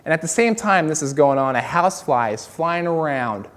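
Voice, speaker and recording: A male stand-up comedian with a somewhat high voice, rambling loosely through his stories with lots of fillers and asides. His voice carries a long reverb, like a big hall. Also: expressive, moderate pace, a bit bright.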